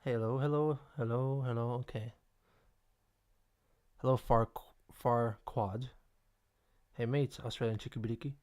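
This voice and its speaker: A man's voice: mid-range voice, steady tone, a little slow, long pauses, darkish tone, clean tone. A man hosting a casual live stream, rambling and stammering as he reacts to the chat. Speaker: livestream host.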